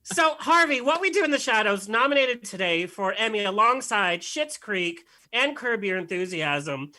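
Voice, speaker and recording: A man's voice: sits high, big pitch swings, moderate pace, pushed and bright, rough recording. A young man from Southern California hosting a chat show, playful and campy in his banter. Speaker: podcast host. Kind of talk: casual chat.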